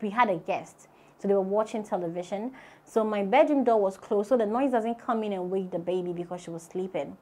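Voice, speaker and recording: A woman with a Ghanaian accent hosting and telling her own story in an earnest, conversational way, her voice dropping soft and low at the sad parts. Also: brisk. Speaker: host. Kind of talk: personal storytelling to camera.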